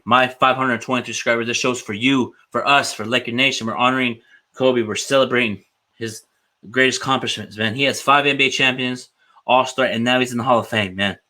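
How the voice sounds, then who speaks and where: A man's voice: medium pitch, pushed and bright. A young man hosting a solo sports podcast, talking in an earnest, hyped way and ending nearly every phrase with "man". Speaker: podcast host.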